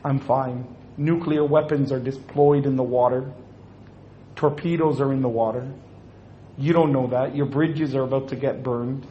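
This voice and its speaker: A man's voice: medium pitch, steady tone, moderate pace, lo-fi sound, a little hiss or hum. A man speaking to an audience at a religious talk, joking and acting out little scenes.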